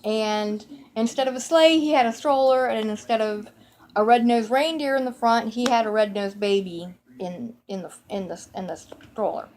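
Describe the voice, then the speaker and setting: A woman telling a whimsical childhood holiday memory in a lively, playful way, with self-corrections along the way. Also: on the high side, normal speed, a little hiss or hum. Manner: animated and whimsical, with playful acted-out quotes and frequent self-corrections. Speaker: storyteller. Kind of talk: personal storytelling, holiday memory.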